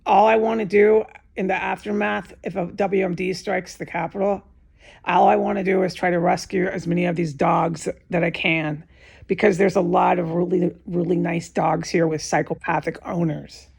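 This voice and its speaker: A woman's voice: on the low side, level tone, normal speed, gravelly, a little mellow, slightly rough. A woman alone in a room, talking in an agitated, profane, repetitive monologue with many restarts. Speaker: vlogger giving testimony. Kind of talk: unscripted emotional monologue to camera.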